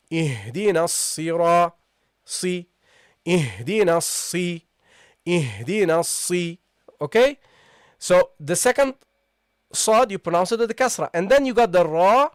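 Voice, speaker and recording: The high-sitting voice of a man running a live online recitation class comes through in studio quality, free of room sound. He walks through each step, says sounds again slowly and checks in with "okay, guys?".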